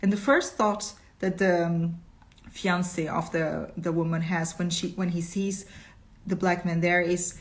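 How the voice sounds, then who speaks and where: A woman literature teacher reading a short story aloud slowly and deliberately, with some commentary between passages. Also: lowish voice, level tone.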